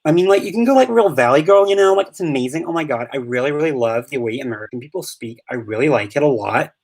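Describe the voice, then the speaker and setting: A man's voice: fairly high pitch, expressive, quick pace, a little mellow. A man putting on the voice of a bubbly young Valley Girl who gushes with breathless enthusiasm. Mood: gushing.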